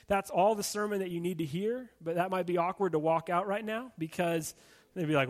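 High-voiced man preaching casually. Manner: conversational preaching with casual fillers, drops soft and slow for emphasis. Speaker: pastor. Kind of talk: sermon.

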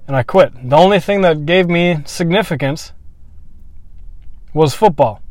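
Man, fairly high voice, dry close sound; blunt, swearing, reflective storyteller. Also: a little mellow, no echo. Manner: candid, blunt, swears freely; reflective, halting with restarts. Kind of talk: personal storytelling monologue.

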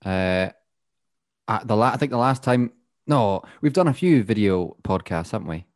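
A man's voice: on the low side, animated, moderate pace, darkish tone, no echo, clean studio sound. A Scottish man co-hosting a podcast over a video call, chatting casually and joking around. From Scotland. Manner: joking, puts on voices. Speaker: podcast co-host. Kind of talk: casual chat. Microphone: remote video call.

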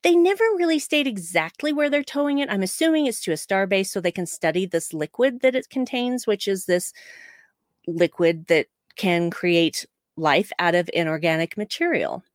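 A woman co-hosting a podcast in casual chat, talking in a chatty, animated way with quick asides. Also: medium pitch, no room sound, studio quality. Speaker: podcast co-host.

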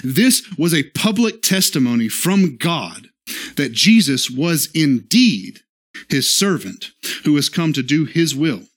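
A man preaching an earnest church sermon. He keeps checking in with the congregation with little "okay?" and "right?" asides. He slows down when he quotes scripture. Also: fairly high pitch, very animated, a bit bright, slightly rough. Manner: slows for scripture quotes, acts out short dialogue. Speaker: pastor.

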